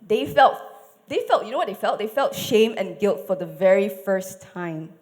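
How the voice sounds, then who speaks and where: A woman telling a Bible story at a church service, animated, asking the audience questions and dropping to whispers for effect. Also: medium pitch, moderate pace. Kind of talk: dramatic storytelling sermon.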